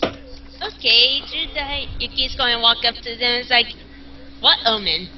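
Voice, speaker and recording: A woman's voice: on the high side, fairly even intonation, moderate pace. A woman playing a tabletop game, speaking casually and in character. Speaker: player. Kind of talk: in-character tabletop role-play. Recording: slightly muffled voice chat.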